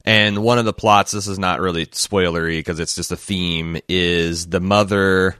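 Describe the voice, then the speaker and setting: A man's voice: low-pitched, steady tone, normal speed, sharp tone, clear, resonant tone, no echo, studio quality. A man hosting a podcast, talking casually in long, rambling turns with frequent restarts. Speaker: podcast host. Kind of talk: casual discussion and read-aloud.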